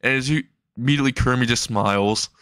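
Young male storyteller, casual, crude humor, mid pitch, dry close voice. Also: fast talker, a bit bright, smooth, no echo. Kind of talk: improvised comedic fan story narration.

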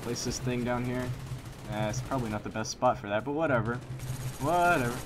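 A man giving live commentary over his own shooter gameplay, excitable and quick to exclaim and groan. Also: medium pitch. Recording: game gunfire noise behind voice. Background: video game gunfire and explosions.

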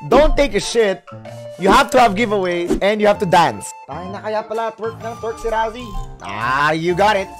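A woman's voice: medium pitch, lively intonation, normal speed. A woman streamer joking and trash-talking with friends while gaming. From Philippines. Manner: loud, joking trash talk, swears freely. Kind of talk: casual gaming chat with friends. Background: background music.

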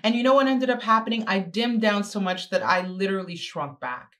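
A woman's voice: mid-range voice, fairly quick, a bit bright. A woman giving a motivational talk to teenage girls, with emphatic, repetitive exhortations and chatty, sassy asides. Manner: emphatic, repetitive exhortation with sudden swings in pace. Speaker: guest speaker.

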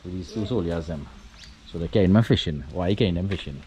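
A man's voice: sits low, fast. A man with a Trinidadian accent chatting casually for his outdoor vlog, laid-back and repeating his words. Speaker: vlogger. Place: outdoors by the sea, on a boat. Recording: dull sound, loud wind and engine noise.

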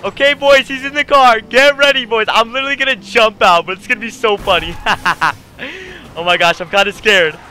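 A man's voice: very high voice, fairly quick, pushed and bright, a little hiss or hum, low-quality recording. A young male gaming channel host narrating a prank in a hyped, teasing way. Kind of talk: gaming video commentary.

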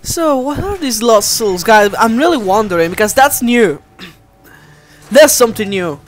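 A man giving let's play commentary, animated and easily exasperated, often addressing viewers as guys. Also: sits high, unhurried, faint music behind. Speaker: gameplay commentator.

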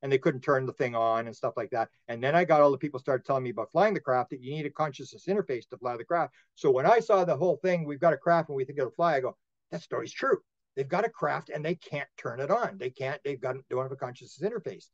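A man's voice: medium pitch, fast, few pauses, dry recording, highs cut off. A man, a podcast guest and author, telling long stories in casual interview talk, with many restarts and repeated words. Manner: rambling storyteller with frequent restarts.

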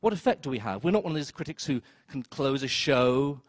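A man telling a story on stage at a live event, wry and self-mocking, with quick asides and acted-out quotes. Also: medium pitch, lively intonation, dry recording, clean studio sound. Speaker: storyteller, film critic. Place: theater stage before an audience.

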